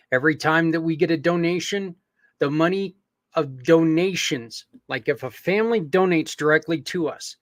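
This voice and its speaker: A man's voice: fairly high pitch, no echo. A man hosting a podcast, making an earnest, rambling appeal to listeners, with many fillers and restarts. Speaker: podcast host.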